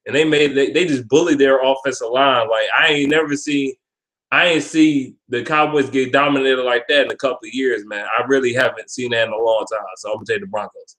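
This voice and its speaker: A man's voice: medium pitch, steady tone, a little fast, fairly bright tone, poor audio. A man hosting a casual video of sports predictions, talking bluntly with plenty of swearing and often repeating and restarting his words. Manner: blunt, profane trash talk with frequent repeats and restarts; stumbles over words. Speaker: vlog host giving sports picks.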